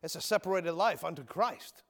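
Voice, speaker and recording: A high-pitched man preaches a sermon with his testimony, swinging from ringing shouts down to low near-whispers. He talks in a folksy way, calling listeners "brother" and "my friend." His voice rings out with a long reverb in a church hall. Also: animated, normal speed. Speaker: preacher, ex-convict prison minister.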